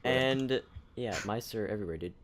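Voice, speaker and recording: A young man co-hosting a podcast over a voice call, telling rambling, animated stories. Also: fairly low pitch, normal speed, background noise. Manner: rambling, animated, acts out family members. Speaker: podcast co-host. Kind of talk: casual chat, storytelling.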